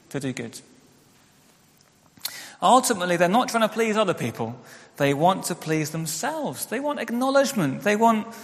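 A young pastor gives a sermon in a frank, conversational style, admitting his own faults with self-deprecating asides. His slightly high voice swings widely in pitch, and the church hall adds a long reverb.

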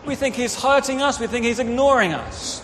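Animated man leading a children's sermon. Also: very high-pitched, moderate pace, a little hiss or hum. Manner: animated, directs children, acts out quotes. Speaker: preacher leading a children's talk. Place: church. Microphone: microphone. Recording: reverberant hall, faint ambience.

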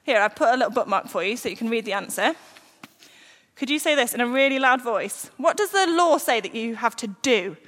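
A woman giving an all-age talk in church, lively and coaxing the children to join in. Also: fairly high pitch, a little fast. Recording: church hall reverb.

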